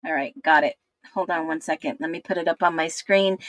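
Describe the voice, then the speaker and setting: A woman hosting a livestream, exclaiming in disbelief and talking straight to her viewers, her voice going hoarse. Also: low-pitched, steady tone, a little fast, a bit bright, no room sound. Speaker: livestream host. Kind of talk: excited livestream commentary.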